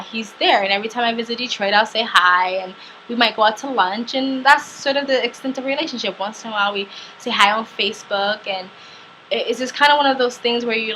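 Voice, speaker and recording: A young woman vlogger telling a personal story in a halting way, full of fillers and restarts. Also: a little high, bright, forceful tone, slight background noise, rough recording. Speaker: travel vlogger.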